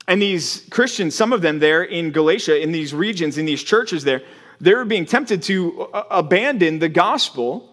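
A man preaching a sermon from the pulpit, with a voice sitting a bit higher than most men's. He talks to the congregation in a casual, conversational way. He turns emphatic as he builds each point, often repeating words along the way. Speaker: pastor.

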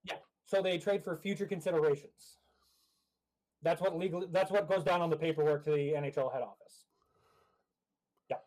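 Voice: mid-range voice, normal speed, long pauses, a little mellow, low-quality recording. A co-host of a casual hockey podcast, blunt and sardonic, with the odd swear.

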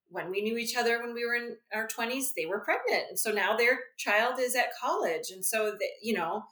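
Lively, bright woman in an echoey room. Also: mid-range voice. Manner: supportive listener, laughs easily. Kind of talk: casual conversational chat.

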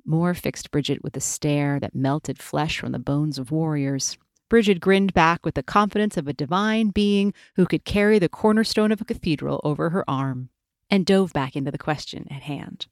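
A woman author reading her own story aloud in a measured, expressive way. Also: low-pitched, dry recording, clean studio sound.

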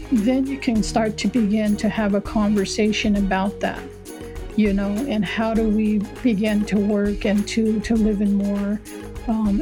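An older woman from the Navajo Nation, a guest wisdom keeper, answering calmly and unhurriedly with many pauses and fillers. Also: mid-range voice. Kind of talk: reflective interview answer. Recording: music playing under the voice.

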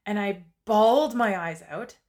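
A woman's voice: mid-range voice, unhurried, darkish tone. A woman in her forties telling her own story in a candid, confessional monologue with casual fillers.

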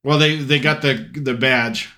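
A man's voice: medium pitch, fairly even intonation, a little slow, sharp tone. A middle-aged man co-hosting a casual podcast with his son, rambling with many fillers and restarts. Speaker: podcast co-host, father. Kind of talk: casual chat.

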